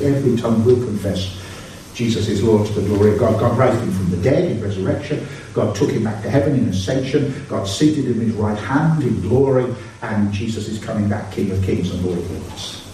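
A man's voice: medium pitch, dark tone, slight background noise. A man preaching a sermon, earnest and building to urgent exhortation. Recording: echoey hall, mic far off.

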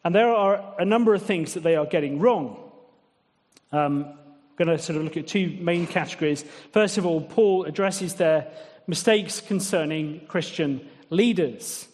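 Wry preacher in a reverberant hall. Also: male voice, on the high side, unhurried, darkish tone. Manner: conversational, wry, rhetorical questions to the congregation. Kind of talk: sermon. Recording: long echoing reverb of a large hall.

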